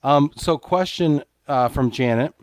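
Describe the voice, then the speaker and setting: A man's voice: a little high, measured pace, no room sound, studio quality. A man hosting a live interview show, upbeat, reading viewer comments aloud and asking follow-up questions. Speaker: host.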